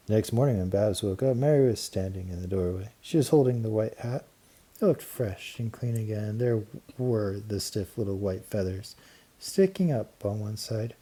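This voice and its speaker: A man narrating a children's storybook with steady, clear storytelling and lively emphasis. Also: fairly low pitch, moderate pace. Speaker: audiobook narrator. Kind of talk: storybook reading.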